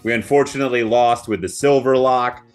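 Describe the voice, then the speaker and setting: A man's voice: mid-range voice, steady tone, fairly quick, soft background music. Tired, playfully boastful man. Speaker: podcast co-host. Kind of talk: casual chat.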